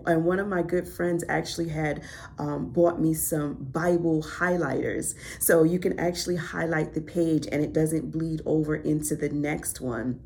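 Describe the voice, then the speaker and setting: A woman's voice: low voice, gravelly, darkish tone, a little hiss or hum. A woman hosting a devotional podcast, teaching from the Bible in a reflective way, lingering on key words and building to emphatic, preacher-like lines. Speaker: podcast host.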